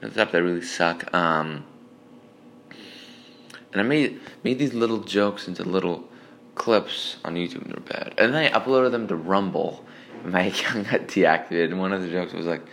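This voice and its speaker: Rambling, self-mocking man with a creaky voice. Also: low-pitched, animated, moderate pace, fairly bright tone, slight background noise. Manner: rambling, self-mocking, swearing, laughs at himself. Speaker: amateur comedian. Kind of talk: reading old joke notes aloud. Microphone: phone voice memo.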